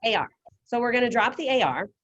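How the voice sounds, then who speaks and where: This woman's fairly high, animated voice moves quickly and has a fairly bright tone, though the highs are cut off. She's giving an online Spanish class via video call on her computer mic, patiently and encouragingly walking through each step.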